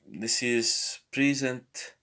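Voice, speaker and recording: A man talking through a language exercise, thinking aloud in a hesitant way and slowly sounding out foreign words. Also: mid-range voice, little pitch movement, pushed and bright. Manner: hesitant, thinking aloud with many pauses and repeats. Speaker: language lesson vlogger working through exercises. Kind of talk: casual think-aloud tutorial.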